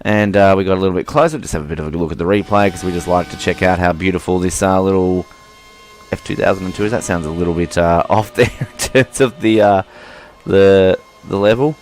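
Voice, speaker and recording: A man's voice: sits low, fairly quick, a little mellow, faint music behind. A young man hosting a gaming channel, giving chatty, self-mocking gameplay commentary that keeps tipping into exasperation. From Australia.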